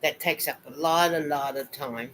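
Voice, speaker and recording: A woman's voice: sits low, normal speed, a bit bright, slight background noise, poor audio. A woman hosting a casual live stream, knitting as she talks, chatty and rambling as she greets viewers and reads their comments aloud.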